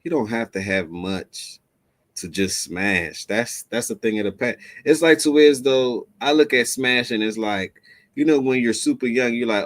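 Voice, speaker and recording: A man's voice: mid-range voice, moderate pace. Slangy man lecturing the fellas. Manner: animated, slangy, preaching advice to "fellas". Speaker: host reacting to a clip. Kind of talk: commentary to camera.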